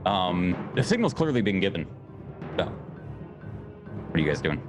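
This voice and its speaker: A man's voice: deep voice, big pitch swings, a little slow. Laid-back man running a tabletop game. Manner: laid-back, laughing, sound-effect humming. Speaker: game master. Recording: music playing behind.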